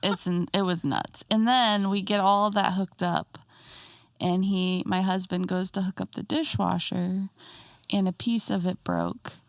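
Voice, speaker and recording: A woman's voice: medium pitch, steady tone, unhurried, no echo, clean studio sound. A woman co-hosting a podcast, telling a household story in casual chat. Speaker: podcast co-host.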